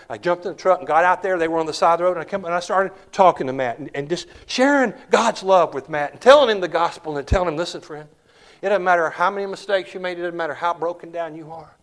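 Male pastor, sermon, fairly high voice, impassioned, loud then hushed. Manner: impassioned preaching, swinging between loud declarations and hushed storytelling.

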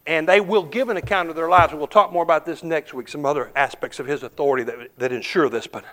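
Dramatic high-voiced preacher man. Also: fast. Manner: swings from hushed to shouting, emphatic and dramatic. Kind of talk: sermon with storytelling.

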